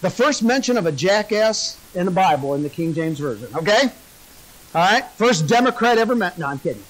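A man's voice: high voice, sing-song, a little fast, a bit bright, poor audio. A male pastor preaching a sermon, folksy and joking as he tells a story.

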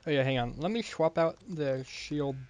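A young man playing a video game with friends, playful and given to loud outbursts. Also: fairly high pitch, normal speed, a little hiss or hum. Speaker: let's play gamer. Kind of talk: casual gaming banter.

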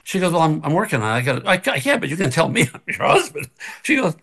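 A man's voice: fairly high pitch, very animated, quick pace, fairly bright tone, breathy edge. An older man and actor telling a story as a guest on a video call from his kitchen, laughing often and acting out the voices he quotes. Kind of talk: casual anecdote on a video call. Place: home kitchen.

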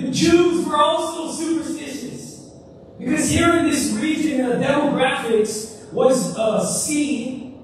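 A male pastor preaching an energetic sermon with call-and-response, exclamations, and swings from shouts to hushed lines, in a church sanctuary. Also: very high-pitched. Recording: echoey church hall, distant mic, noisy.

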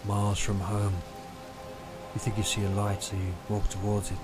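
A man's voice: on the low side, monotone, moderate pace, loud music behind the voice, voice pushed down, close to an everyday voice. A man doing an over-the-top voice for a spoof insurance advert, in a theatrical voice-over delivery. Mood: ominous.

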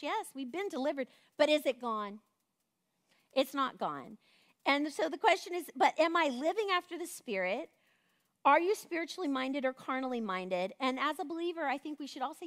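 A woman's voice: high-pitched, animated, moderate pace, a bit bright. A woman teaching a women's Bible study in a casual, conversational way, often checking in with "right?".

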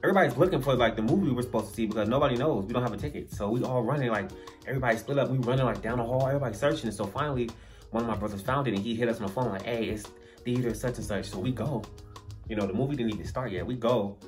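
A young man at an ordinary pitch spins a story-time tale for his viewers in loose, slangy speech. He gets animated and chuckles at his own story. Quiet music runs faintly beneath his voice. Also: very fast. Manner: lively, slangy, laughs through the story. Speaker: storyteller vlogger. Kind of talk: casual story-time monologue.

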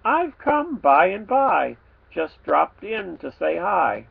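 A man's voice: sits high, big pitch swings, takes it slowly, gravelly, slightly rough, narrow, tinny audio, full character voice. A man voicing a greedy, cheeky little male pig who grunts, slurps and rhymes.

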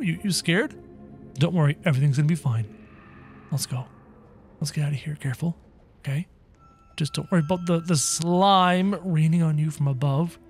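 A man hosting a gaming video, giving excited play-by-play commentary and talking straight to his viewers, often acting scared. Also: a little high. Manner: excitable, talks to viewers as guys, mock-scared.

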